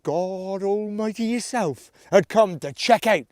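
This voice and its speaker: High-voiced man telling a folk tale. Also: a little slow, darkish tone, no echo, clean studio sound. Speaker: storyteller. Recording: narration over music.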